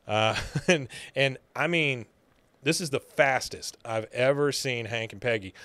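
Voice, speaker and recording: A man's voice: medium pitch, a little slow, fairly bright tone, dry recording. A man co-hosting a podcast, casually recapping an episode and chuckling as he retells scenes. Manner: laughs through retelling scenes, many uh fillers. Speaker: podcast co-host.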